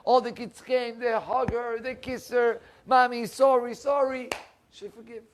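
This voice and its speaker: A rabbi telling a story, animated and acting out the people in it. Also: male voice, moderate pace, a little hiss or hum. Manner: animated storyteller, acts out quoted voices, rising pitch in emotional lines. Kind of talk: storytelling sermon. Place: synagogue.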